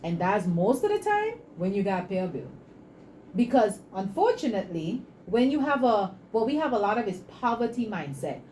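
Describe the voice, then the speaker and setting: A woman, a guest in an interview, telling stories and making her pitch with preachy passion. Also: big pitch swings, normal speed, dark tone, a little hiss or hum, rough recording. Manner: passionate, preachy, acts out dialogue. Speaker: entrepreneur guest.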